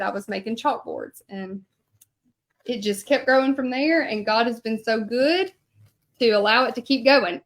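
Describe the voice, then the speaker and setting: A woman chatting casually to live viewers in her home craft studio as she hand-letters a sign, rambling from story to task. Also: on the high side. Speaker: hand-lettering artist and channel host. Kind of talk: casual livestream chat while painting.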